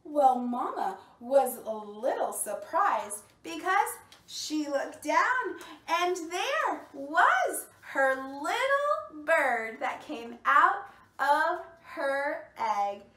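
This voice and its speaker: A woman leading a bilingual storytime for small children, talking in slow, exaggerated, encouraging teacher tones. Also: high-pitched, big pitch swings, pushed and bright. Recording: roomy sound, mic at a distance.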